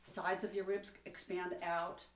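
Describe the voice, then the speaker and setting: A woman's voice: fairly low pitch, little pitch movement, a little slow. A woman teaching a one-on-one singing lesson, coaching and demonstrating in an encouraging way. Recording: echoey room, voice from a distance.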